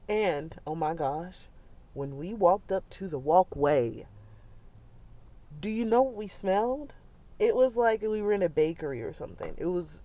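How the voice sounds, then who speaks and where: A young woman, a mother, telling a family story in a chatty, animated way, with many fillers and frequent laughs. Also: lowish voice. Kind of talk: casual storytelling vlog. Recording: dull lo-fi sound.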